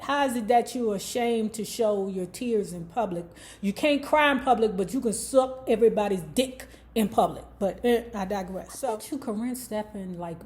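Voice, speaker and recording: A woman's voice: mid-range voice, a little mellow. Sassy, profane woman dishing book gossip. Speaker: book review vlogger. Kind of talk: casual commentary on a book.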